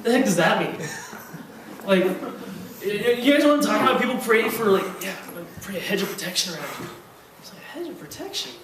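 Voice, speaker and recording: High-voiced young man joking in an echoey hall. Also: lively intonation, quick pace, pauses often, background noise. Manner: rambling, self-mocking, playful. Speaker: stand-up comedian. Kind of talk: stand-up comedy. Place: room at a church Christmas party. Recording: echoey room from far off.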